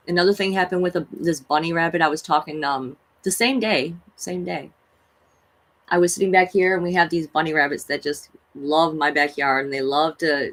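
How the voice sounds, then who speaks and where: A woman's voice: on the low side, rough recording. A woman who streams tarot readings tells spiritual stories in a casual, rambling, chatty way, full of fillers and gushing awe. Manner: gushing and awed when she talks about animals. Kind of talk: casual spiritual storytelling on a livestream.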